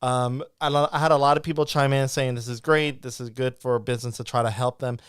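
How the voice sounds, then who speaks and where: A man's voice: medium pitch, fairly even intonation, brisk, clear, resonant tone, dry recording, clean studio sound. A man hosting a live podcast interview, chatting casually and rambling, with lots of restarts and acted-out quotes. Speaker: podcast host.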